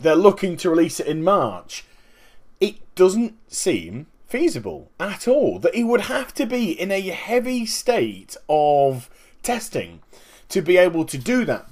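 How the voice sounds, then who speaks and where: A man hosting a casual gaming commentary vlog, talking in an animated, emphatic way and explaining things step by step. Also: on the high side. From Northern Hemisphere. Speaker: gaming video host.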